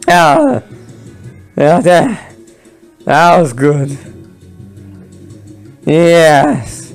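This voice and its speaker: Excitable high-voiced man commentating a game. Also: very slow, creaky, pauses often, faint music behind. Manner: excitable, laughs often, playful roars. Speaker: gameplay commentator. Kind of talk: playful game commentary voicing both sides.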